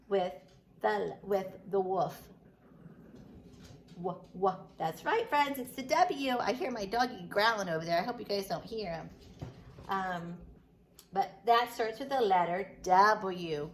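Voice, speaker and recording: A woman teaching a preschool lesson at home, talking slowly and sing-song to small children. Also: on the high side, reverberant, slight background noise, low-quality recording. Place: home room.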